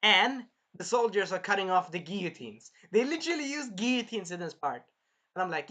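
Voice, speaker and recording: Excitable rambling male anime reviewer. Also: high-pitched, fairly quick. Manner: rambling, sidetracks and apologizes, excitable. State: throat irritation, clears throat. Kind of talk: casual chat recapping an episode.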